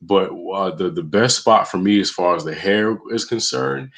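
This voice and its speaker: Male co-host, deep voice, confident and emphatic in casual chat. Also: lively intonation, moderate pace, vocal fry, a bit bright. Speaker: podcast co-host.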